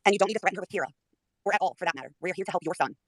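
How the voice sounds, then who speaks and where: A woman's voice: on the low side, racing, no echo. A woman in a group audio chat, speaking firmly and assertively as she scolds.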